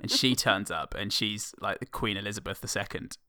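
Bright-voiced wry podcast man. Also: lowish voice, a little fast, no echo. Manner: dry, wry quips. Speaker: podcast co-host. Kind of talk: casual comedic chat.

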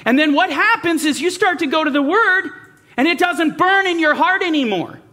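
A man's voice: extremely high pitch, lively intonation, normal speed, sharp tone. A man preaching a sermon, emphatic, asking rhetorical questions and mimicking doubters. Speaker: Bible teacher.

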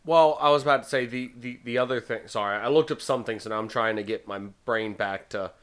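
A man's voice: medium pitch, quick pace, clear, resonant tone. A man hosting a casual podcast chat, rambling and often repeating his words. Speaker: podcast host.

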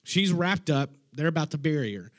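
A male preacher tells Bible stories in a loose, conversational sermon. He is enthusiastic and slangy, often restarting his sentences. His voice sits fairly high for a man. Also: lively intonation, fairly quick. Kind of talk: casual storytelling sermon.

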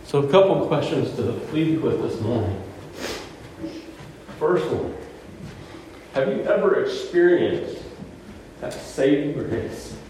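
A man preaching a sermon as pastor, conversational and animated, asking the congregation rhetorical questions in a church. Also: fairly high pitch, slow, pauses often, a little hiss or hum. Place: church sanctuary. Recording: echoey church room, mic at a distance.

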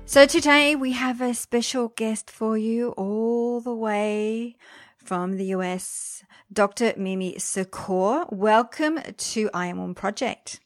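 A woman's voice: on the high side, fairly even intonation, slow, dry recording, faint music behind. A woman hosting a podcast, reading an introduction and then chatting in a friendly, filler-filled way. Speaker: podcast host. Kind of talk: scripted intro, then casual chat. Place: Australia.

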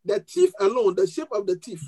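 Speaking with a non-native accent, this pastor addresses his church congregation in a medium-pitched, very animated voice, fairly quick, creaky, dark and husky. The audio is poor. He uses questions and call-and-response, stresses key words through repetition, and frequently restarts mid-phrase.

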